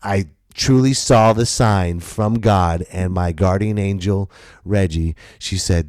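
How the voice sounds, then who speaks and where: Deep-voiced man telling a story. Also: unhurried, darkish tone, dry recording, clean studio sound. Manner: swearing, emphatic, repeats himself. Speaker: podcast host and comedian. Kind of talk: casual storytelling monologue.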